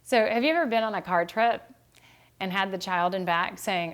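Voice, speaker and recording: A middle-aged woman teaching a devotional Bible study lesson, speaking in a calm and gentle way. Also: mid-range voice, normal speed. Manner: calm and gentle, growing quieter toward a meditative close. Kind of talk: reflective devotional talk.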